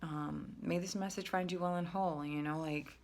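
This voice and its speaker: A woman giving a frank, rambling self-help monologue, often restarting her sentences and jumping up in pitch when she makes a point. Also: steady tone, normal speed, a little mellow. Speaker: spiritual self-help creator. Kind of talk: casual spoken monologue.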